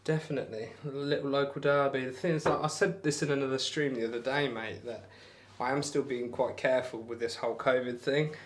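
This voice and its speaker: Speaking a little fast with few pauses, this young man has a medium-pitched voice and fairly even intonation. He's livestreaming darts, chatting casually, rambling, self-deprecating, and reading out and answering his viewers.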